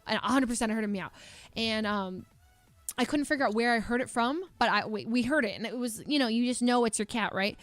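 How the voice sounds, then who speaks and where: A young woman livestreams a rambling story, her voice sitting a little on the high side and full of filler words and quick laughing asides. The sound is dry and close, with faint music in the background. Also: fairly bright tone, dry recording. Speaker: streamer. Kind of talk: casual storytelling.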